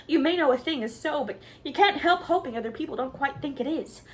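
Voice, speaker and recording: A woman reading aloud voices an excitable, dramatic orphan girl who pleads and protests with passion. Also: mid-range voice, a little fast, close to an everyday voice. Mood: impassioned. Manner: impassioned, pleading, melodramatic.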